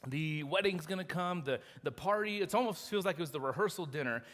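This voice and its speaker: In a church sanctuary, a pastor with a fairly high voice preaches to his church at a fairly quick pace, telling the story with animated energy and little acted-out lines. A long hall reverb surrounds his ringing voice.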